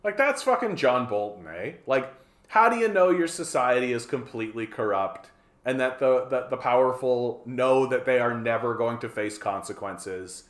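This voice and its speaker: A man's voice: mid-range voice, expressive, normal speed, reverberant. A man from Canada, giving profane, rambling, sarcastic live-stream commentary as a political streamer.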